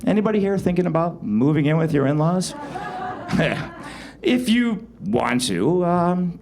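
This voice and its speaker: A man telling a comic true story live on stage, wry and animated, with sudden loud outbursts. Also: on the high side. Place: live show venue.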